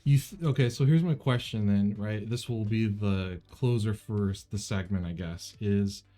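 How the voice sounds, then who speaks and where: A man co-hosting a podcast who gives his opinions in a relaxed, casual way and laughs along. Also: on the low side, normal speed, soft background music. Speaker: podcast co-host. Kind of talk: casual chat.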